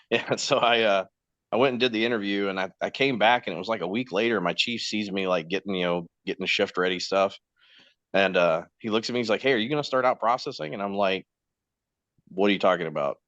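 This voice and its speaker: Speaking a little fast, the same forties-aged guest host tells meandering stories, acting out quoted dialogue in other voices and laughing frequently. His very deep, low voice has a slightly bright edge. The casual podcast recording sounds dull and lo-fi, close-miked and dry without any echo.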